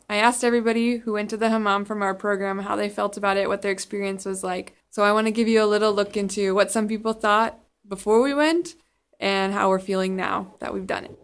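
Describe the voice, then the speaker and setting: A young woman from the United States narrating her travel vlog in an earnest, reflective way. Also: medium pitch. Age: young adult. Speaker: vlogger interviewing classmates.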